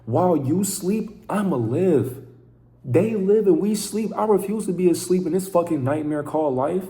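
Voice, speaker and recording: A man's voice: high voice, lively intonation, moderate pace, dark tone, reverberant. A man giving an intense, profane, preaching monologue to camera as a vlogger.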